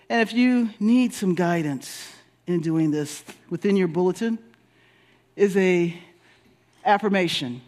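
Brief: male minister, high voice, emphatic repetitive sermon delivery. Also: animated, measured pace, darkish tone. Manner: emphatic, repetitive preaching with rising and falling delivery.

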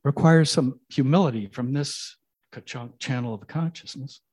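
A man's voice: mid-range voice, normal speed, a little mellow. A man giving a sermon as minister, conversational and telling jokes along the way.

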